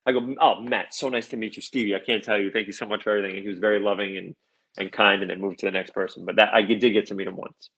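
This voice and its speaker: Excitable man on a dull, lo-fi line. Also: fairly low pitch, racing, slightly rough. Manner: animated, laughs often, enthusiastic. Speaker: guest. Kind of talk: casual chat.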